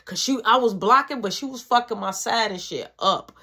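A young woman telling a story in a casual vlog, animated and profane, acting out what people said. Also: a little high, normal speed, husky. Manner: animated, profane, acts out quotes.

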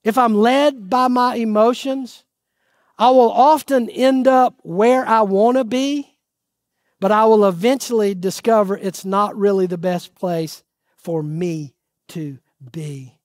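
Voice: mid-range voice, takes it slowly, dry recording, studio quality. A pastor preaching a sermon, putting questions to the congregation and pressing points home with earnest pleading. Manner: asks the audience questions and answers them.

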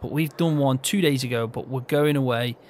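A man's voice: mid-range voice, fairly quick, a little hiss or hum. A man from England's Peak District, chatting casually and laughing often while hosting a farming game video. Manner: easygoing, rambling, laughs often. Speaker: gaming channel host.

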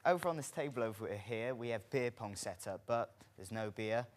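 A young man hosting a student talk show, chatty and slightly halting with fillers. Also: mid-range voice, expressive. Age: young adult.

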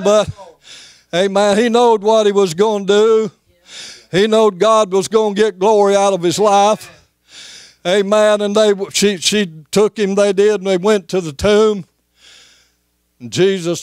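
A preacher delivering a fervent sermon, stretching each phrase out slowly and filling the pauses with "amen". His voice sits unusually high, clear and resonant, recorded dry and close. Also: a little mellow, dry recording.

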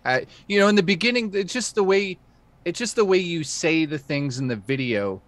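A man's voice: high voice, expressive, normal speed, no room sound. A man co-hosting a stream, asking blunt, probing questions in casual chat. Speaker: stream co-host.

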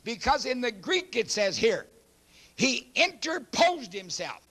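A man preaching a sermon, emphatic and preachy, swinging between loud declarations and hushed asides, and reading scripture aloud quickly. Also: very high voice, sing-song, slightly rough.

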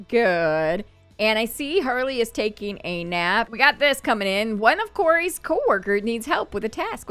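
A woman's voice: medium pitch, fairly bright tone. A woman hosting a casual let's-play of a life-sim game, chatty and bubbly, often laughing and gasping. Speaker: gaming channel host.

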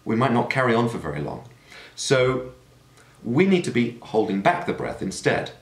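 A man's voice: mid-range voice, sing-song, moderate pace. A man explaining singing technique in an explanatory manner, now and then demonstrating sounds. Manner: explanatory, with sung and shouted demonstrations. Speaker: singing teacher. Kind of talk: vocal technique lesson. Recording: echoey room.

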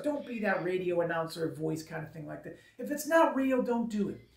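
A man's voice: high-pitched, expressive, normal speed, gravelly, distant mic. Emphatic man, roomy and off mic. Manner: emphatic, repeats points for stress. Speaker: wedding photographer giving business tips. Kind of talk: casual advice talk to camera.

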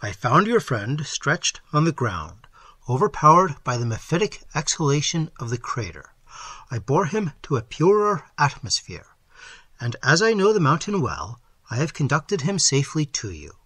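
A man reading an audiobook, voicing a mysterious all-knowing sage who speaks slowly and solemnly. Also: a little high, very animated, pushed and bright, breathy edge, no room sound, heavily acted. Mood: grave. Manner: slow, solemn, measured.

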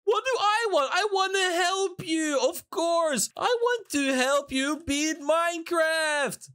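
A man with a very high, lively voice narrating a Minecraft prank in gleeful, mischievous tones. His pitch jumps around as he talks through his next moves. The delivery is scripted gameplay narration. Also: takes it slowly.

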